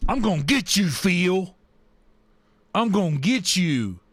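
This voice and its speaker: A man's voice: high-pitched, sing-song, takes it slowly, no room sound. A man hosting a gaming livestream, greeting and teasing his chat in a playful way and drawing words out in a singsong. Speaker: livestream host. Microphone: desk microphone.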